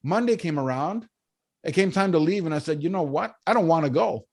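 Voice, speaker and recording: A man's voice: fairly high pitch, fairly quick. Chatty man telling stories. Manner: animated storyteller, keeps asking "right?". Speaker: podcast guest, business coach. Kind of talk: casual storytelling interview.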